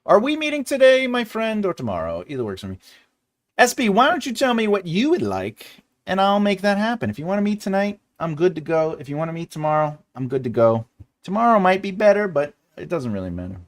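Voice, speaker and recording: A man in his forties, host of a casual live chat with his viewers, rambling and jokey and often laughing. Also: sits high. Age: 40s. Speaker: livestream host.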